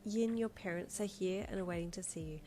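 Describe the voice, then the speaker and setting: A woman's voice: mid-range voice, fairly quick, dark tone, close to an everyday voice. A woman voicing a polite, apologetic hospital nurse.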